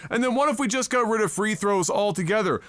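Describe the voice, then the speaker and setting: A man's voice: sits high, animated, fast talker, a bit bright, dry recording. A young adult man from Canada, streaming live, rants with sarcastic exasperation and heavy swearing. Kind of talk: profane ranting commentary on a live stream.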